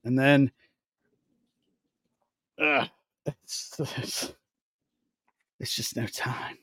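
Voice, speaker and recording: A man's voice: mid-range voice, steady tone, extremely slow, fairly bright tone, breathy edge. A man co-hosting a casual podcast, laid-back, cursing and joking crudely. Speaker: podcast co-host.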